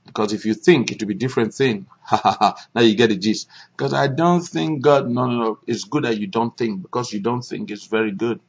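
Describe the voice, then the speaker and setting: A male pastor with a gravelly, husky voice leads prayer and a sermon. He hammers home his points by repeating them. The sound is dull and lo-fi, like a conference call recording. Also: on the low side, steady tone, a little fast, few pauses. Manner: emphatic, repeats phrases for stress.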